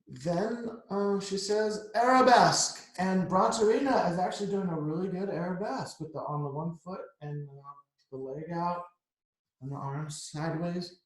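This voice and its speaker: A middle-aged man reads a children's picture book aloud, stopping often to chat about the pictures. His voice sits a little high for a man. The recording rings with heavy room echo. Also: moderate pace, a little mellow. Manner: chatty, explains the pictures to kids. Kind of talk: read-aloud storytime. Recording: echoey room.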